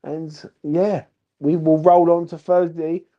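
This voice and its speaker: Tipsy sweary football fan. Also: male voice, fairly high pitch, level tone, slow, mellow, dull audio. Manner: rambling, sweary, repeats "do you know what I mean". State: drunk. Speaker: football fan channel host. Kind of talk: post-match reaction vlog.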